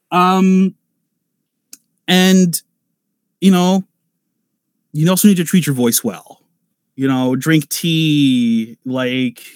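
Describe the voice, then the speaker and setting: A man's voice: a little high, no room sound, studio quality. A man who is a voice actor giving casual advice on a convention panel, rambling with lots of fillers and restarts. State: nervous at first panel.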